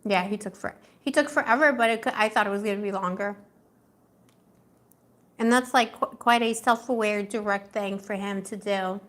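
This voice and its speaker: A woman's voice: mid-range voice, moderate pace, fairly bright tone. A young woman doing a live tarot reading in a casual, chatty way, laughing often and talking with lots of fillers. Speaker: tarot reader.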